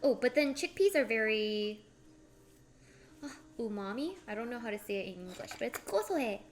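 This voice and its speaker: Bubbly high-voiced woman chatting while cooking. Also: lively intonation, normal speed. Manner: bubbly, giggly, talks to chat while cooking. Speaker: cooking streamer. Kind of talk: casual cooking stream chat.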